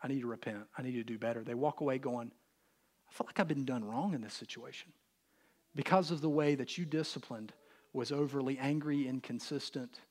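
A man in his thirties preaching a sermon in church, earnest and animated as he speaks directly to the congregation. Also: mid-range voice, a little fast. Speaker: pastor.

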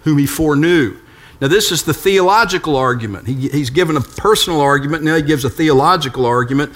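A man's voice: fairly high pitch, expressive, fast, a bit bright. An older man preaching a sermon as a pastor, conversational and storytelling with touches of humor.

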